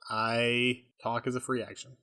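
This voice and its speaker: Bright-voiced, eager male player. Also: mid-range voice, little pitch movement, a little slow. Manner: eager, chuckling, unsure. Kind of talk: casual tabletop play.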